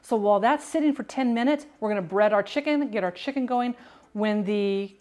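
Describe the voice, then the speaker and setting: A woman cooking live on stream from her home kitchen, wearing a clip-on mic, greeting viewers brightly and rambling with restarts. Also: mid-range voice, a little fast. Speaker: food and drink streamer.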